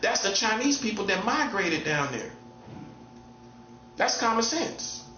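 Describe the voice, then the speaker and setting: A man's voice: sits high, sing-song, measured pace, bright, forceful tone, reverberant, muffled recording, a little hiss or hum. A man giving a casual preaching monologue as a self-styled prophet, repeating himself and hammering points home with rhetorical questions.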